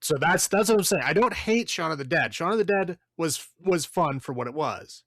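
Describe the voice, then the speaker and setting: A man's voice: fairly high pitch, lively intonation, moderate pace, fairly bright tone, no room sound, studio quality. Blunt, profane man reviewing movies. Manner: blunt, profane, rambling with many fillers. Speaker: podcast co-host. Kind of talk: casual movie review chat.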